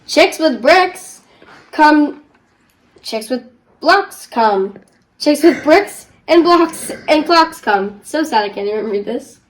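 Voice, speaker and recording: A woman's voice: high voice, animated, slow, rough recording. A woman reading a children's rhyming book aloud as a guest reader, playfully joking about stumbling over the tongue twisters.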